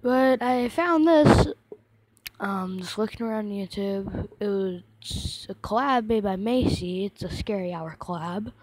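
A woman's voice: medium pitch, animated, measured pace, darkish tone, slight background noise. A sick woman with a cough, hosting a casual reaction video and exclaiming often.

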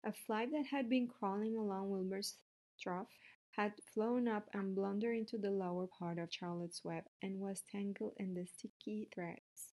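Lady reading a kids' book aloud, steady, average pitch. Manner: steady, with small slips. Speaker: reader.

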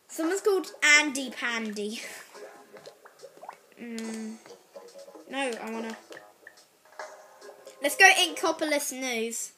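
A high-pitched woman chatters through live gameplay commentary, excitable and quick to shout at the game. Loud game music plays behind her voice the whole time. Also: low-quality recording. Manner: excitable, reacts loudly to the game. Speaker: gaming channel host. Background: loud video game music.

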